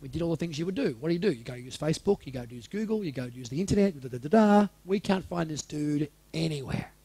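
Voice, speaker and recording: A man's voice: a little high, expressive, fast talker, warm tone, slightly rough, no room sound. A man in his forties telling a personal story to a live audience in a candid, casual way, swearing freely and asking the room questions. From Australia. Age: 40s.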